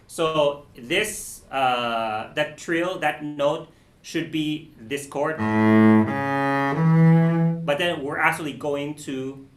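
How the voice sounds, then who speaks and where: Halting man teaching a cello masterclass. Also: a little high. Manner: patient, halting, many restarts and "okay"s. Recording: roomy echo.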